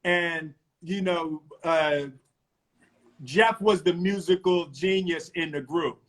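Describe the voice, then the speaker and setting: Brief: middle-aged man from Philadelphia, guest on a live video chat, raised voice, lively storyteller. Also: fairly high pitch, takes it slowly. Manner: animated storyteller, laughs often. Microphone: video call.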